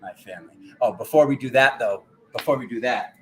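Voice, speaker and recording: A man hosting a casual livestream, excitable and quick to laugh as he greets viewers by name. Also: mid-range voice, a little hiss or hum. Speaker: spiritual livestream host.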